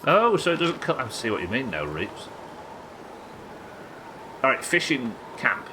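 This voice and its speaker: A man's voice: mid-range voice, big pitch swings, a little slow, noisy background. A man chatting casually and swearing while he talks through a game on a live stream. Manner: chatty, swearing, thinking aloud. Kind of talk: casual gameplay commentary.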